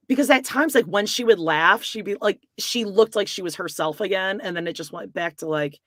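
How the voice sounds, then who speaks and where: A woman's voice: medium pitch, normal speed, fairly bright tone, dry recording, studio quality. A woman co-hosting a podcast, chatting casually and giving frank, wry commentary. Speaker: podcast co-host. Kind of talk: casual gossip chat.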